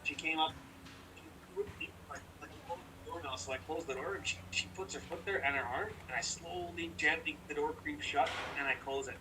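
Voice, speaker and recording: Fast-talking man telling a heated story. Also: on the high side, recorded from a distance, noisy background. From British Columbia, Canada. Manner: profane, rambling, heated. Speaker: podcast co-host. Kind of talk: casual storytelling chat.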